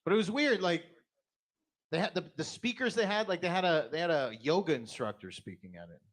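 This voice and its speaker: A middle-aged man doing a blunt, profane stand-up set, jumping into sudden high put-on voices. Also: expressive, brisk. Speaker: stand-up comedian.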